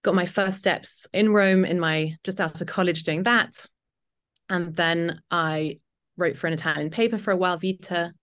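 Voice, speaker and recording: British woman guest on a podcast, low voice, talks it through with lots of ums. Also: steady tone, normal speed, a bit bright. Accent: British English. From Britain. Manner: thoughtful, with frequent um fillers. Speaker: podcast guest, journalist and author. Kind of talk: conversational interview.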